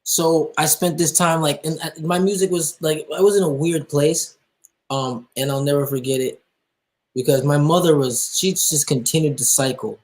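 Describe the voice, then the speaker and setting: A young man, a musician guest, telling his personal story with emotion, halting and full of restarts and fillers. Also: on the high side, poor audio.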